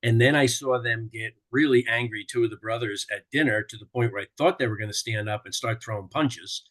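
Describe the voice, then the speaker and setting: A man in a casual group chat, telling family stories with animated mimicry of relatives shouting. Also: mid-range voice, a little fast. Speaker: group participant.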